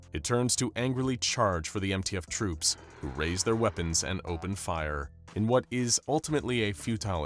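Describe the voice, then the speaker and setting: Deep-voiced animated storyteller man. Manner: dramatic storyteller delivery. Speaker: narrator. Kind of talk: scripted narration of an animated story.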